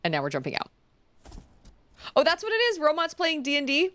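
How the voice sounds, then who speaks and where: A woman's voice: sits high, wildly swooping pitch, a little fast, fairly bright tone, dry recording. Giggly, chatty woman gamer. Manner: chatty and giggly, rambling tangents. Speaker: gaming streamer. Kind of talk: casual let's-play commentary.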